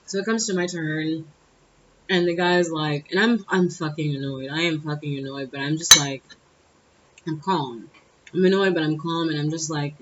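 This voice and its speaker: A woman's voice: sits low, normal speed, a bit bright, muffled recording, slight background noise. A young woman telling a personal story to camera in a blunt, exasperated, profane way. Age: young adult. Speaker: vlogger. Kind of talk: casual storytime monologue.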